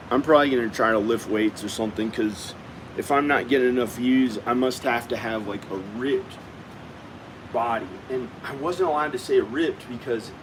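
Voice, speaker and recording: A man's voice: medium pitch, noisy background. A man vlogging at home in a casual, rambling monologue, often repeating himself as he talks to the viewer. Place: at home indoors.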